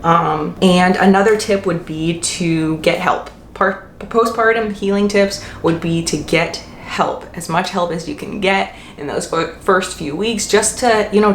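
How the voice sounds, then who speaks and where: A young woman answering viewer questions in a casual vlog, talking in a chatty way with lots of fillers and self-corrections. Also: deep voice. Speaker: mom vlogger. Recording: echoey room with faint hiss.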